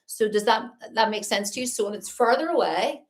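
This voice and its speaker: A woman's voice: on the high side, animated, a little fast. A woman teaching a live-streamed painting lesson, chatty and upbeat as she greets viewers between steps. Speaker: art teacher. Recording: roomy echo.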